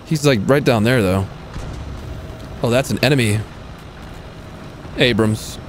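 A man giving live gameplay commentary as a streamer, excitable, swearing freely and mocking himself. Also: mid-range voice, measured pace, slight background noise. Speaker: gaming streamer.

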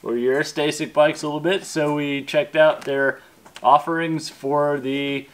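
Relaxed friendly dad vlogger. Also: male voice, fairly high pitch, unhurried. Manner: relaxed, friendly, explaining to kids and viewers. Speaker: YouTube channel host and dad. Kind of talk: casual product vlog.

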